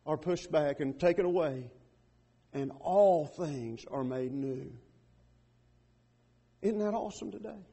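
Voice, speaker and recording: A pastor preaches with a husky edge to his high-pitched voice. He presses his points hard, swelling loud before dropping to a near hush. The delivery is that of a man pleading with his congregation. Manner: impassioned, swells loud then drops to a hush. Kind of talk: sermon.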